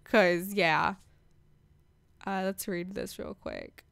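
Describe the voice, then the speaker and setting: A woman hosting a casual let's-play, chatting and gushing excitedly as she narrates her game. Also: mid-range voice, takes it slowly, vocal fry, no echo. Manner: bubbly, gushing, chatty with lots of "like" and "freaking". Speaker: gaming channel host.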